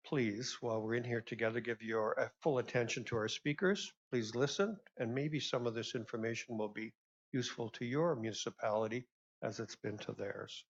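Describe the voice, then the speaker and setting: Male session moderator, mid-pitched, chatty and polite, dull lo-fi recording. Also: moderate pace. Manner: chatty, courteous, repeats his requests. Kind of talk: formal welcome and announcements. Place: convention session room. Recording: dull lo-fi sound.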